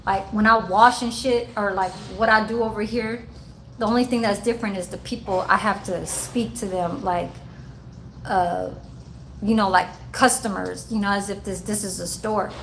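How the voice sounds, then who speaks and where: A woman's voice: mid-range voice, fairly even intonation, moderate pace, fairly bright tone, slight background noise, poor audio. A woman who works in a care-home kitchen, chatting loosely and rambling, with plenty of cussing. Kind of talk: casual vlog chat.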